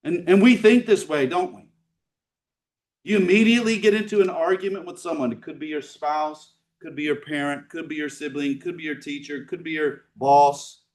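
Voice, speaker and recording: A man's voice: on the high side, normal speed. Man preaching a conversational sermon from a distance. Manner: conversational preaching with rhetorical questions, swinging between emphatic and hushed. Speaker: pastor. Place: church sanctuary.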